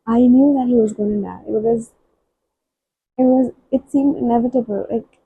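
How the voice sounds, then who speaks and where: A woman book vlogger giving soft, halting and emotional reactions while reading. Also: on the high side, steady tone, creaky, slightly rough, narrow, tinny audio.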